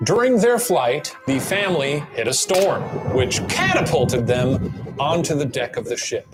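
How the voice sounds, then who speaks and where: A man's voice: mid-range voice, animated, unhurried, over music. A man co-hosting a show, presenting true-crime theories from a script with playful banter and silly voices for the people he quotes.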